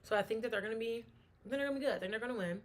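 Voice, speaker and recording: A woman's voice: a little high, racing. A woman hosting a casual solo sports talk show, chatting and thinking aloud, often restarting her sentences.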